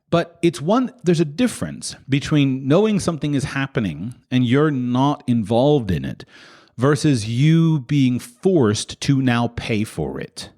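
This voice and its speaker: This man hosts a podcast and speaks with real passion, circling back to rhetorical questions repeatedly, each marked by abrupt jumps in pitch.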